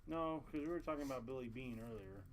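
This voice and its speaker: A man's voice: medium pitch, lively intonation, fast talker, crowd noise. A man co-hosting a card break, telling a rambling anecdote in casual chat. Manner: rambling anecdote with quoted voices. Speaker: co-host. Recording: noisy mic with hiss.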